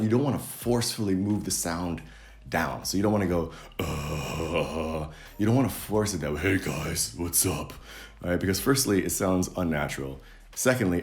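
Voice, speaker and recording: Deep-voiced man coaching voice tips. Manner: relaxed, coaching, demonstrates sounds. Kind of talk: casual video lesson.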